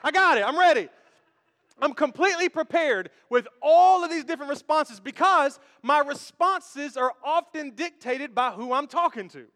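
A man's voice: extremely high pitch, expressive, moderate pace, fairly bright tone. A male pastor preaching a sermon on a church stage, in a playful, conversational way, joking with the congregation. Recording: echoey hall with long reverb.

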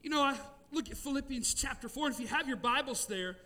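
A middle-aged man, preaching a sermon with emphatic, drawn-out key words and storytelling. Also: very high-pitched, sharp tone, distant mic. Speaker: pastor.

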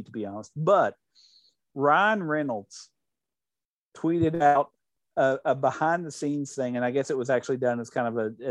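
A man's voice: mid-range voice, no room sound. A man hosting a show in casual chat, retelling anecdotes in a rambling way with lots of restarts.

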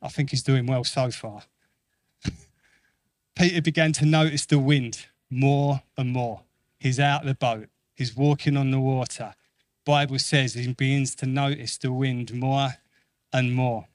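A man's voice: mid-range voice, measured pace, no room sound. A man preaching a sermon in an earnest way, repeating phrases for emphasis and acting out quoted voices. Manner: acts out quoted voices with lively shifts.

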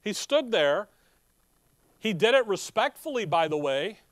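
A man's voice: high voice, big pitch swings, measured pace, fairly bright tone, dry recording. A man preaching a sermon, reading scripture aloud and explaining it in an emphatic, conversational way full of rhetorical questions.

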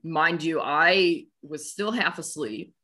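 A woman's voice: sits low, takes it slowly, pushed and bright. A young woman in her twenties co-hosting a casual podcast, telling stories playfully and correcting herself. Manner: playful storyteller, self-correcting. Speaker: podcast co-host.

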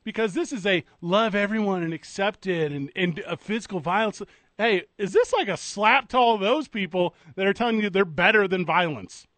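A man hosts a loose comedy podcast, cracking jokes and steering the talk. His voice sits high with a bright, sharp edge, recorded close and dry. He throws out quick, bossy asides. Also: expressive, no room sound. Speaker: host. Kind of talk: casual podcast banter.

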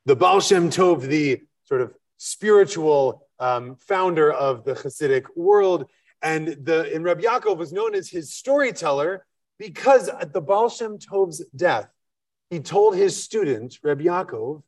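High-voiced rabbi telling a story from afar. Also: male voice, unhurried. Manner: animated, with fillers. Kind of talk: sermon storytelling. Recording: distant mic.

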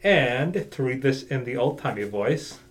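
A man's voice: medium pitch, animated, unhurried. A man co-hosting a local newspaper podcast, playful and dry, reading old news aloud. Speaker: podcast co-host, night editor.

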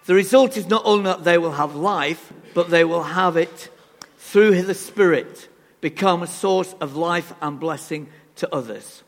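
A man delivers a sermon in a fairly high voice, emphatic and animated, tossing rhetorical questions to his congregation. His voice rings with the long reverb of a church hall. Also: unhurried. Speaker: preacher.

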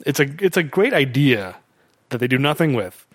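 A man in a casual, opinionated movie discussion, animated and mocking. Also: mid-range voice, moderate pace, dry recording, clean studio sound.

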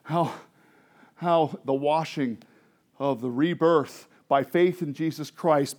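A man preaching a sermon as pastor, moving between soft, confiding asides and loud, fervent preaching, often asking the congregation questions. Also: a little high, slow. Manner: swings from quiet, intimate asides to loud, impassioned preaching.

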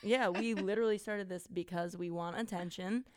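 A woman's voice: mid-range voice, steady tone, moderate pace, background noise. A young woman from Wisconsin, co-hosting a podcast in a chatty, giggly, self-mocking way. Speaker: podcast co-host. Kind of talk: casual chat.

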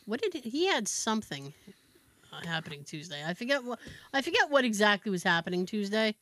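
A woman's voice: mid-range voice, very animated, a little fast, sharp tone, no room sound. A woman co-hosting a podcast in casual chat, telling a long story with lots of restarts. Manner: rambling storyteller, trails off and restarts. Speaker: podcast co-host.

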